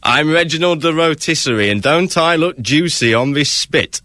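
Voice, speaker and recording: A man's voice: on the high side, expressive, normal speed, sharp tone, no room sound. A man voicing a cheerful talking kebab rotisserie in a comedy radio sketch. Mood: hammy.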